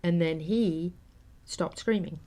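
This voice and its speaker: A woman's voice: lowish voice, slow, mellow. A woman hosting a talk show, telling a personal story in an earnest, heartfelt, rambling way with many fillers. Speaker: host.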